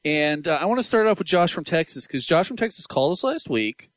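A man's voice: fairly high pitch, big pitch swings, a little fast, fairly bright tone, no room sound. A man co-hosting a casual sports talk radio show, bantering, laughing often and voicing strong opinions.

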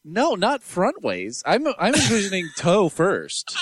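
Lively male co-host, opinionated and quick to laugh, dry studio sound. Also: sits high, breathy edge, dry recording. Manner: animated, laughs often, opinionated. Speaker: radio show co-host. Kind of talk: casual radio banter.

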